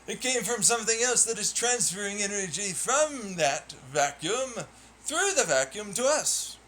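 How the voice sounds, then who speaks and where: A man's voice: high voice, expressive, unhurried, sharp tone, a little hiss or hum. A young man streaming alone, rambling while he plays, swearing, laughing and ranting in irritation. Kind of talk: rambling solo talk while playing.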